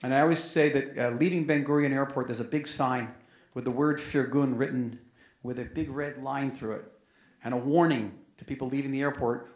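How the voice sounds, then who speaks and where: A former ambassador talking in an onstage interview, animated and emphatic, often restarting his sentences. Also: medium pitch, fast talker. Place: museum event hall. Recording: roomy event hall sound.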